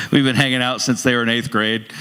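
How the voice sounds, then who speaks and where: Middle-aged guy pastor preaching casual, bright forceful voice, rambly and jokey, big echoey church hall. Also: medium pitch, smooth. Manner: conversational and rambling, with frequent restarts and humorous asides. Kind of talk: casual sermon. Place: church sanctuary. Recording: long hall reverb in a church.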